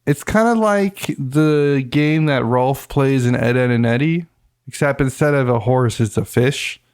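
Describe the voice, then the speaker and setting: A man's voice: medium pitch, unhurried, darkish tone, clean tone. A man co-hosting a board game podcast in loose, joking banter. He laughs easily and keeps the talk playful. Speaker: podcast host. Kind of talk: casual chat.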